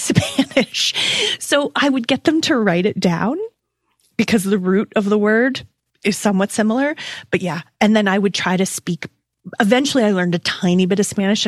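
A woman, hosting a podcast interview in a bubbly, excitable way and laughing often. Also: mid-range voice, dry recording, studio quality. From Canada. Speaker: podcast host. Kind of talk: casual interview chat.

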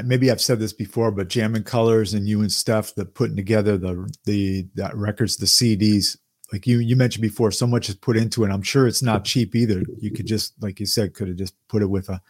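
A man's voice: lowish voice, darkish tone. A man hosting an interview, speaking in a friendly, agreeable way and often chiming in with short responses. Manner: friendly, agreeable, frequent backchannels. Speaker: interview host. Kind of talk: casual interview conversation.

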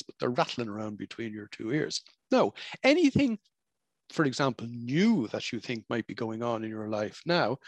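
A man's voice: mid-range voice, no echo. A middle-aged man, a practicing psychologist, talking about emotions in a conversational, explanatory way with vivid examples and asides. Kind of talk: reflective spoken talk on emotions.

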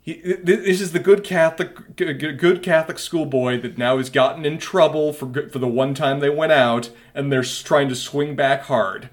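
Male co-host, casual chat, raised pitch, quick jokes, frequent stammered restarts. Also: steady tone. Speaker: podcast co-host.

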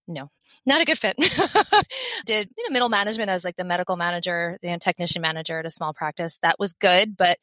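A woman's voice: on the low side, vocal fry, dry recording. Upbeat, chatty woman in her thirties. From Philadelphia area, USA. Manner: upbeat, energetic, laughs often. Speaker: podcast guest, veterinary technician. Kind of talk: conversational interview.

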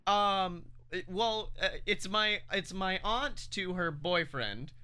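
A man's voice: high voice, slow, bright, forceful tone, clear, resonant tone. A man co-hosting a podcast, rambling through a merch plug and stories with laughs and self-mocking asides. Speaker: podcast co-host. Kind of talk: casual podcast banter.

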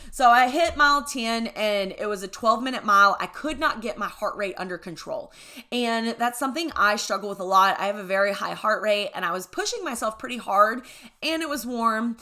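A woman's voice: on the high side, normal speed, bright, forceful tone. A young adult woman hosting a podcast, telling a candid story in casual talk, swearing freely and often asking "right?". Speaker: podcast host.

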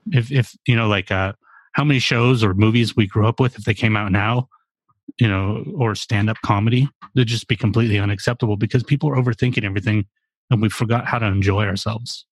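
A man's voice: on the low side, steady tone, fast talker, no echo. A man in his forties in a casual podcast chat, rambling and profane with lots of fillers. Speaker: podcast co-host.

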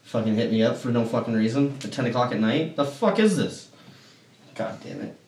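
A man's voice: medium pitch, fast, far from the mic, slight background noise. Male podcast co-host, profane storyteller, recorded off-mic in an echoey room. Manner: heavy swearing, animated retelling of an argument. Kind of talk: casual chat, storytelling. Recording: roomy, off-mic sound.

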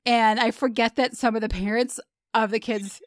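A middle-aged woman hosting a podcast, telling stories in a blunt, lively casual chat. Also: a little high, normal speed, no room sound, studio quality. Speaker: podcast host.

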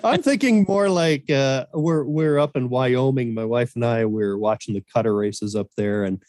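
A middle-aged man, a podcast guest, telling animated anecdotes in casual chat and laughing often, on a video call. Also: mid-range voice, moderate pace, no room sound, studio quality.

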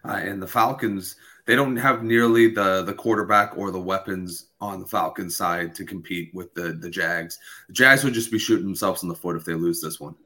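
A male panelist giving measured, explanatory sports picks. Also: low-pitched, bright, forceful tone. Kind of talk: casual sports analysis.

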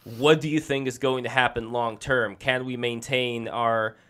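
Casting: male podcast host, steady monotone, smooth, clean voice, measured delivery. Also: mid-range voice. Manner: measured, asks long questions. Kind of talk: hosting a live-streamed talk show.

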